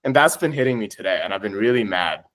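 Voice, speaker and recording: Excitable man, swears a lot, laughs mid-sentence, lowish voice, podcast guest chat. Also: quick pace, low-quality recording. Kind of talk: casual chat.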